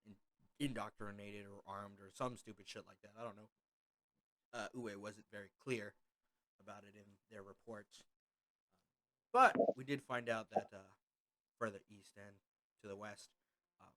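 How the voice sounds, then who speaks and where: A man's voice: lowish voice, bright, forceful tone, dry recording. A man running a tabletop game as game master over voice chat, rambling and loose with many fillers. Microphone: headset or desk mic on a voice call.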